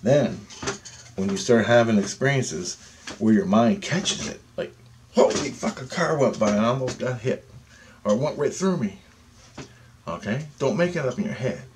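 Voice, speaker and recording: Long pauses punctuate this man's mid-range voice as he guides a meditation at normal speed, with a noisy background behind him. He speaks profanely and insistently, repeatedly asking "okay?", and gets louder and more animated along the way.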